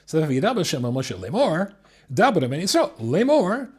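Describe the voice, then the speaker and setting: A man's voice: on the high side, brisk, breathy edge. A man, a rabbi, teaching a text class to a live audience, reading Hebrew lines and explaining them. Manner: lively, reads Hebrew text then explains it. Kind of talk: animated Torah class.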